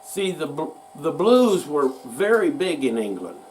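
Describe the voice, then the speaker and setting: A man's voice: a little high, big pitch swings, unhurried, a little mellow. A man hosting a show, talking about music history in a folksy, rambling way that pokes fun at himself. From United States. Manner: folksy, rambling, self-mocking. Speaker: podcast host. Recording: distant mic with faint mains hum.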